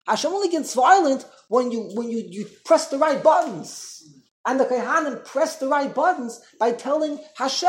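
A woman teaching a Torah class to a small group, switching into Hebrew and Yiddish terms, animated and acting out what people say, recorded on a tape recorder in the room. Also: sits high. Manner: animated, acts out quoted speech.

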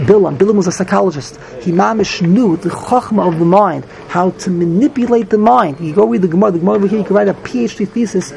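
A man giving a Talmud class, reading Hebrew phrases and explaining them quickly in English with many restarts. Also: high voice, vocal fry, darkish tone, a little hiss or hum, low-quality recording. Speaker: Talmud teacher.

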